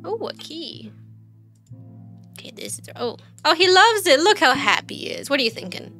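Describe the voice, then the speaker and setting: A woman's voice: sits high, big pitch swings, moderate pace, bright, forceful tone, faint music behind. A woman streamer giving casual let's-play commentary, chatty, thinking aloud and quizzing the game characters.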